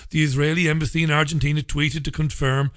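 A man's voice: on the high side, flat delivery, fast talker, no echo, studio quality. A man hosting a radio talk show, delivering an opinionated, sarcastic and profane monologue. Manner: sarcastic, profane, ranting with mocking laughter.

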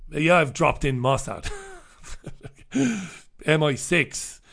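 A man's voice: a little high, lively intonation, slow pace, gravelly, a bit bright. A man hosting a live stream, running through newspaper stories and viewer comments with sardonic, rambling asides. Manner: sardonic, wry asides and scoffing; loose, rambling delivery with repetitions. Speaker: livestream host reviewing newspapers and viewer comments.

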